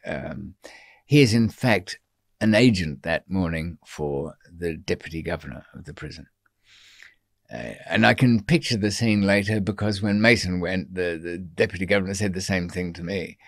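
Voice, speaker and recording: An older man telling stories as a guest in a studio interview, dry and wry, with frequent pauses and restarts. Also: sits low, creaky, no echo. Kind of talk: storytelling in a long-form interview.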